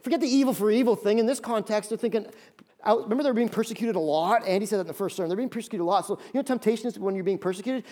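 A man preaching a sermon as pastor, animated, acting out voices and repeating key phrases. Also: sits high, racing. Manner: animated, acts out voices of listeners.

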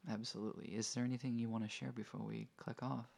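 Podcast host guy, real gravelly fry in his voice, kinda husky, earnest storytelling. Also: medium pitch, flat delivery, quick pace, a little mellow. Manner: earnest, reflective. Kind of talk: conversational storytelling.

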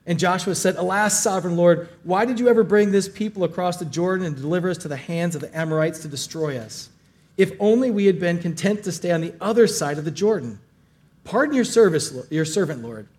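A male pastor preaching a sermon, reading scripture and retelling it in casual, animated paraphrase. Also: high-pitched, brisk.

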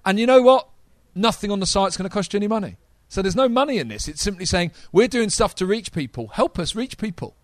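A man preaching a sermon to a live congregation, energetic and talking straight to the audience. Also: high voice, quick pace, few pauses, dry recording.

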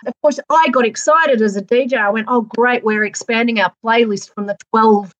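Lively Australian woman telling stories. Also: fairly high pitch, normal speed, dull audio. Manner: lively storyteller, laughs through anecdotes. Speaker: author and former radio DJ. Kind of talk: casual interview chat.

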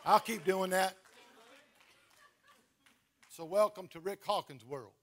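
A man preaching a sermon in a church, with shouted, sing-song calls out to the congregation. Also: sits high, takes it slowly. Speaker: pastor. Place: church sanctuary.

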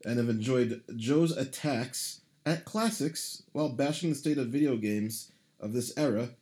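A man's voice: mid-range voice, unhurried, a little mellow. A man co-hosting a casual podcast, reading a listener's email aloud in a dry, joking way. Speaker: podcast co-host.

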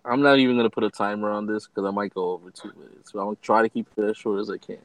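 A man's voice: fairly low pitch, very fast, no echo, poor audio. A man co-hosting a casual podcast, talking in a laid-back, slangy way and often stammering and restarting his sentences. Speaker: podcast co-host.

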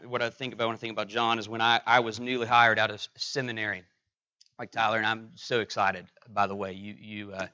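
A middle-aged man preaching a sermon, telling a personal story with many halting fillers and restarts. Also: on the low side, bright, forceful tone, dull audio. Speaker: pastor.

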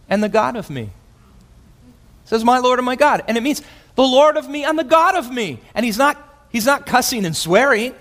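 A man preaching a sermon as pastor, animated, acting out quotes with big swings in his voice. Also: high-pitched. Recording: long hall reverb.

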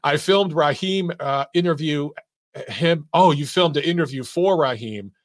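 A man's voice: on the high side, unhurried, dry recording, studio quality. A man hosting a call-in boxing show in casual chat, laid-back, swearing and laughing easily.

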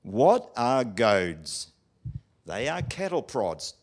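A man's voice: mid-range voice, slow pace, pauses often. A man preaching a sermon in an emphatic way, often asking his listeners questions. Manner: animated, emphatic, asks the audience questions.

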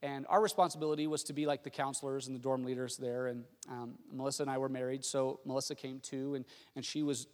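A middle-aged man preaching a sermon, telling a personal story in a lively way with frequent restarts. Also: mid-range voice, fast talker, few pauses, big-room sound. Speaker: pastor.

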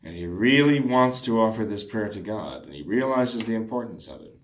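A man earnestly discussing family prayer in a measured, instructive way, often restarting phrases and clearing his throat. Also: lowish voice, lively intonation, reverberant.

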